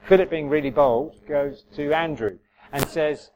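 A man's voice: a little high, unhurried, a little mellow, low-quality recording. A man giving an informal sermon, chatty and self-correcting, with wry asides to the congregation. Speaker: preacher. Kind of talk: informal sermon with audience interaction.

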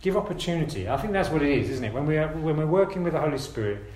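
A man's voice: a little high, animated, very fast. Earnest male preacher in an echoey church. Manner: earnest, gentle exhortation with repeated phrases. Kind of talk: sermon.

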